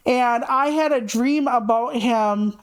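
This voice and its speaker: A woman's voice: on the high side, slow, smooth. A woman streamer in casual livestream chat, rambling and frank, swearing freely as she talks.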